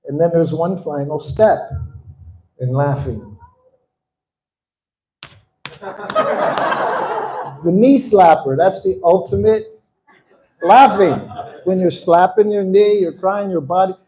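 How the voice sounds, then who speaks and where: A man's voice: high-pitched, unhurried, warm tone, roomy sound. A man in his seventies, a guest speaker telling personal stories with frequent chuckles. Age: 70s. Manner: chuckles often while telling anecdotes. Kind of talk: storytelling talk.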